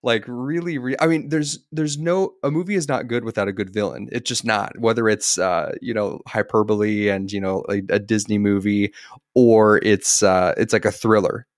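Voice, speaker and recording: A man's voice: on the low side, moderate pace, no echo, clean studio sound. A man co-hosting a casual movie review podcast, rambling and laughing between his points. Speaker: podcast co-host.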